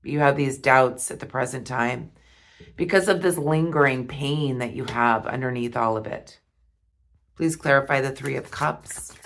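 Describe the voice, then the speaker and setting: A woman reading tarot cards, talking slowly and softly with heartfelt pauses. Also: extremely low pitch. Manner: slow, soft and heartfelt, with pauses. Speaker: tarot reader.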